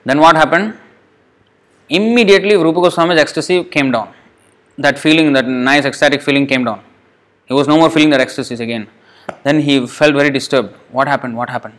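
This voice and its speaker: A man's voice: a little high, fairly quick, long pauses, a bit bright. Man giving a devotional sermon. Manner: storytelling, with frequent restarts and rhetorical questions; scolding, emphatic tone when addressing the mind. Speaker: preacher.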